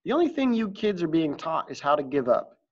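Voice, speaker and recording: A man's voice: fairly high pitch, animated, moderate pace. A man voicing an earnest, passionate male teacher who speaks with urgent pleading, in a dull lo-fi recording. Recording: dull lo-fi audio.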